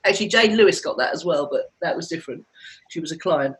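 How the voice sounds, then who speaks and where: A woman's voice: low voice, moderate pace, fairly bright tone, low-quality recording. A woman in her fifties co-hosting a podcast, telling long chatty stories and laughing often. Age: 50s. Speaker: podcast co-host. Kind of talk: casual chat.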